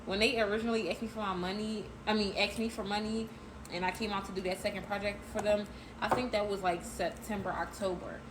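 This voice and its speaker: A woman's voice: medium pitch, steady tone, fairly quick. A young woman telling a personal story in a casual storytime, chatty and talking straight to her viewers. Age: young adult. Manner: chatty, addresses viewers as y'all. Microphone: phone. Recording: noisy phone clip with ambience.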